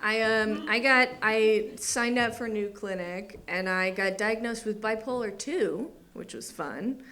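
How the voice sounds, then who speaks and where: A woman's voice: medium pitch, a little slow, a bit bright. A young adult woman doing stand-up comedy, with a wry, self-deprecating delivery and acted-out quotes. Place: comedy theater stage before a live audience. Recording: live room with audience noise. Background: audience laughter.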